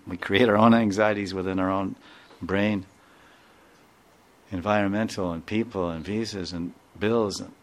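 A man speaking as a spiritual teacher, giving a devotional talk full of storytelling and repeated phrases. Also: lowish voice. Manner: warm storytelling with repeated phrases and quoted dialogue.

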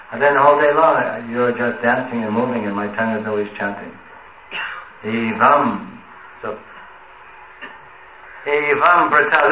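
A man giving an earnest sermon on scripture, quoting and chanting Sanskrit verses and trailing off softly at times. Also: mid-range voice, moderate pace, slight background noise. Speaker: speaker giving a scripture class. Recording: echoey room over a tinny phone-like line.

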